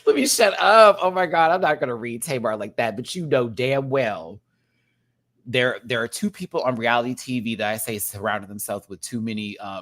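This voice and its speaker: A man reviewing a drag competition show in a casual, campy rant, laughing often and swinging between loud outbursts and quiet asides. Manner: big jumps in pitch and loudness. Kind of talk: casual commentary.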